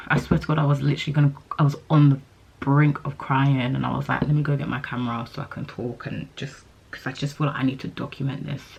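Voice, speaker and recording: A twenty-something woman talks straight to her camera in a rambling, candid vlog, chatty and open about her feelings. Her voice sits low and carries a gravelly, vocal-fry edge. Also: dull audio. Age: 20s. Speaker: vlogger. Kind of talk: casual talking-to-camera vlog.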